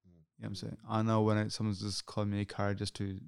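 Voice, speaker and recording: Low-ish smooth voice, guy hosting a podcast, earnest, stumbles and repeats, dry close mic. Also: completely flat delivery, fast, no room sound. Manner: earnest, repeats himself, many restarts. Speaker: podcast host. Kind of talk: casual podcast conversation.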